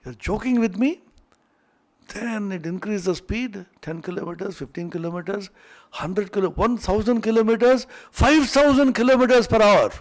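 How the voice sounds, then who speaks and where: A man retells an old scripture story to a class, animated and playful, with asides to his listeners. His voice is notably high for a man. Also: moderate pace. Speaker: scripture teacher.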